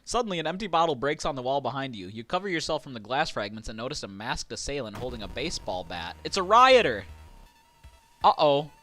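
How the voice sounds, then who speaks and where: A man streaming a horror game, casually chatting, reading game text aloud and getting excitable. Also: medium pitch, fast, few pauses, soft background music. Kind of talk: casual let's-play commentary.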